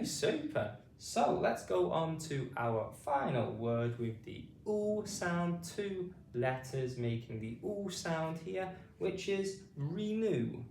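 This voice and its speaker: A British man teaching phonics to adult learners, sounding out letters slowly and repeating each word with care. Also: a little high, gravelly, darkish tone. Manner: slow, deliberate, sounding out letters and repeating words. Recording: roomy, slightly distant mic, faint noise.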